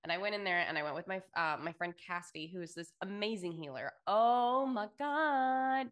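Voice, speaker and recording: A woman's voice: on the low side, quick pace, pushed and bright. Podcast co-host, woman; loose, gushing, filler-heavy casual talk with curse words. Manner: effusive, swears freely, many fillers. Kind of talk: casual chat.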